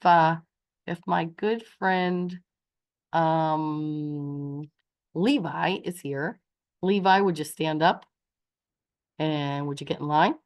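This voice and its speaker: A young adult woman runs a morning lesson for small children. Her voice climbs and dips in an exaggerated, playful way, like a teacher keeping little ones hooked. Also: fairly low pitch. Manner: lively, sing-song, exaggerated teacher delivery.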